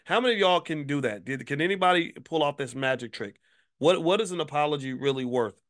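A man's voice: a little high, expressive, fast talker, fairly bright tone. A man hosting a commentary video who fires off angry rhetorical questions and curses freely. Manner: promotional plugging. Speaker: host, finance commentator.

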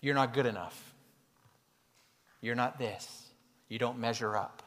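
A preacher voicing the enemy as a belittling, hushed accuser, recorded with hall reverb. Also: male voice, medium pitch, unhurried, voice pushed down, natural voice. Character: whispering accuser spirit, cold and belittling.

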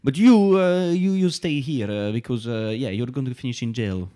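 A man doing an improv scene as a bumbling undercover agent with a put-on Italian accent, speaking in halting, broken phrases full of fillers. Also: mid-range voice, dark tone, natural voice. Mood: smug.

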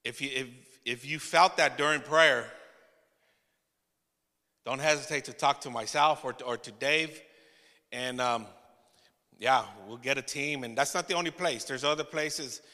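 A man preaching a testimony sermon to his church, telling the story with laughing asides and halting restarts. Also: mid-range voice, pushed and bright, long reverb tail. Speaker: pastor.

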